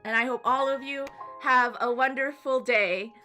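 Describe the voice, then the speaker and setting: A woman's voice: sits high, steady tone, normal speed. A woman streamer chatting casually with her viewers, rambling and apologizing often. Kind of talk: casual live-stream chat. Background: soft background music.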